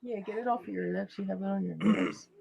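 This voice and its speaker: A woman's voice: medium pitch, brisk, gravelly, dark tone, slightly rough. A woman chatting casually and teasing the men beside her. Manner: teasing, laughing often. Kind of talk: casual chat.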